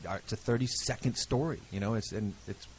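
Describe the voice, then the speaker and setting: A middle-aged man in a casual interview, telling animated stories and laughing often. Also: fairly low pitch, fairly quick, a little hiss or hum. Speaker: guest, actor and model.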